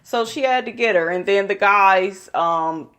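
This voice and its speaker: A woman's voice: medium pitch, a little slow, a bit bright. A woman giving a casual, gossipy recap of a reality TV episode, blunt, opinionated and full of profanity.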